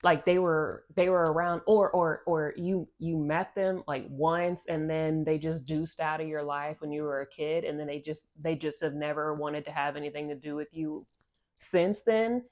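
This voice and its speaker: A woman's voice: sits low, steady tone, moderate pace, a little mellow. Rambling woman giving a card reading. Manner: rambling, repetitive, slangy. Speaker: oracle card reader. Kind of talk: casual channeled card reading.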